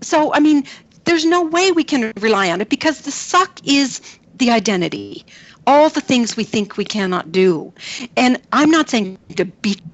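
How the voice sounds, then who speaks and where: A woman's voice: a little high, normal speed, lo-fi sound. A middle-aged woman, a film producer and coach, telling emphatic stories in an interview and acting out quoted voices. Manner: animated, acts out quotes with shifting voices; repetitive, emphatic storytelling. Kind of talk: conversational storytelling interview.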